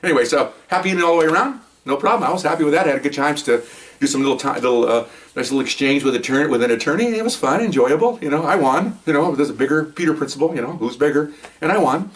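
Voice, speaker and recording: A man's voice: fairly high pitch, animated, fast talker, recorded from a distance. An older man, a police veteran, telling his own anecdotes in a casual, rambling way full of repeated "you know.".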